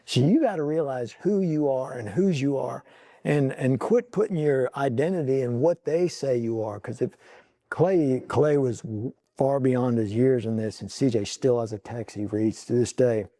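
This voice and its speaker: A man's voice: medium pitch, moderate pace, mellow, dry recording. A middle-aged man speaking as a podcast guest in earnest, heartfelt casual talk, often stopping to restart and repeat his words. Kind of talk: casual chat.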